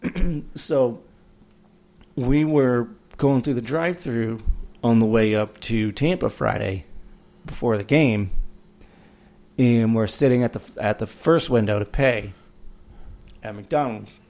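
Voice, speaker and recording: A man in his thirties chats casually on a podcast, rambling through a long story. He laughs at his own jokes. His voice is mellow and dark, with a steady middle pitch. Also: slow pace, pauses often. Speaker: podcast co-host. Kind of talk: casual chat.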